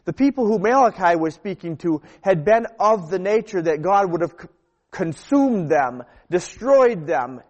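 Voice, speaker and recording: A man preaching a sermon, emphatic, repeating phrases and letting his sentences fall to quiet, low endings. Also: big pitch swings, measured pace.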